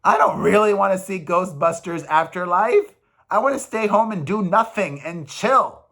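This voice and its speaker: Male vlogger, 40s, slightly high voice, rambling and emphatic, casual confessional delivery. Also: moderate pace, a bit bright. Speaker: vlogger, single father.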